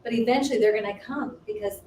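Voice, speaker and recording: A woman's voice: medium pitch, fast, a little mellow. A woman co-hosting a ministry livestream, earnestly telling a personal faith story with many restarts. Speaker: ministry co-host. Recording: roomy distant livestream audio, faint noise.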